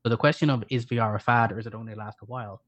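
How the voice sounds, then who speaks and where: A man with an Irish accent, co-hosting a live stream in quick, rapid-fire casual chat. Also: medium pitch, steady tone, fairly bright tone. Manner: rapid-fire, self-described fast talker. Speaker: co-host. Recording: dull lo-fi stream audio.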